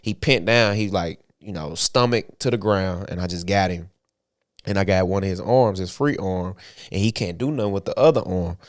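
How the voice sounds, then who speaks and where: A low-pitched young man holds the floor on a casual podcast, spinning a story with animated energy. He laughs often and talks in heavy slang, with plenty of swearing. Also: normal speed, no echo, studio quality. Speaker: podcast co-host.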